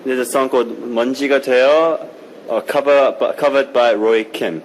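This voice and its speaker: A man answering interview questions outdoors in a chatty, slightly hesitant way, with a mid-pitched, ordinary voice. Faint outdoor ambience sits behind him. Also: steady tone, a little fast, a little hiss or hum, low-quality recording. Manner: hesitant, chatty, laughs easily. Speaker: interview guest, kindergarten English teacher. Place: outdoors in a park.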